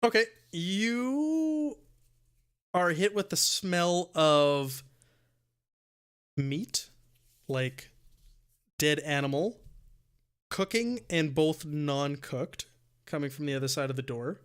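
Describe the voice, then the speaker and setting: A man's voice: fairly high pitch, slow pace, pauses often, a bit bright, smooth. A man narrating as dungeon master of a tabletop game, often stumbling and repeating words as he describes scenes.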